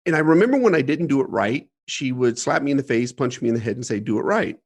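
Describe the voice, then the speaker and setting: A man's voice: mid-range voice, expressive, fast, husky. A man telling a painful childhood story as a podcast guest, earnest and emphatic, laughing through hard memories. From Ohio, USA. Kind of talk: candid storytelling interview.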